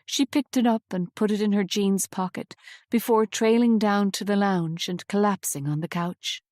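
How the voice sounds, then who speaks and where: A woman's voice: mid-range voice, normal speed, darkish tone, no echo. Woman narrating a novel, dry close sound. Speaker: audiobook narrator. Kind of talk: scripted audiobook narration.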